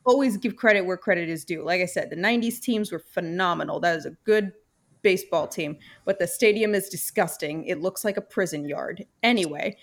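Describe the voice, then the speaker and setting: A young woman co-hosting a casual chat tells an animated story, packed with fillers and free swearing. Her voice is on the low side and fairly quick.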